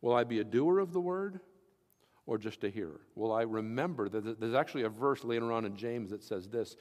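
A man's voice: mid-range voice, animated, fairly quick, a little mellow, long reverb tail. A man preaching as pastor, reading scripture and explaining it with everyday examples in an earnest teaching tone. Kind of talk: sermon.

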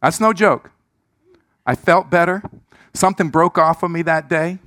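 Speaking at normal speed, a middle-aged pastor preaches in church and tells a personal story, alternating dramatically between shouts and quiet asides. His throat is a bit squeaky, and there is no room sound.

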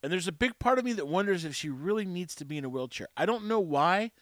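A man's voice: high voice, expressive, fast talker, a bit bright, dry recording. A man hosting a show, telling a rambling story in a wry, self-mocking way into a close mic. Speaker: show host. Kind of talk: casual storytelling monologue.

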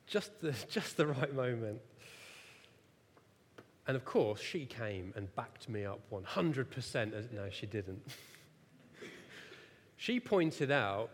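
A man preaching in a reverberant church hall, his pitch swinging widely as he tells a story about himself. He speaks in a slow, unhurried way and pokes fun at his own failings. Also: husky. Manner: self-mocking, animated storyteller who laughs at himself. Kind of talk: sermon with personal storytelling.

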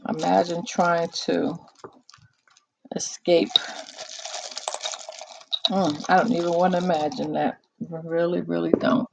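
A host of a live call-in talk show chatting casually into a close microphone, unhurried and musing, with many pauses and fillers. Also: mid-range voice, little pitch movement, creaky, noisy background.

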